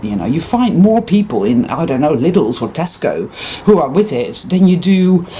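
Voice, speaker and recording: An English man rants through a casual vlog story, swearing often and mimicking the people he meets. His voice is dark and mellow, yet the pitch swings about freely as he tells it. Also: slight background noise. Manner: profane, animated storytelling. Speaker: vlogger. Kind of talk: casual ranting monologue.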